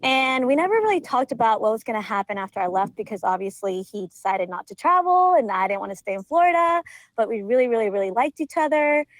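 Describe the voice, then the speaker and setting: A chatty young woman from Georgia tells a story as a podcast guest, her voice sitting a little high. She fills her sentences with small filler words and breaks into laughter often. The sound is close and dry, with no room around it. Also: big pitch swings, quick pace, no room sound, poor audio. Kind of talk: casual storytelling.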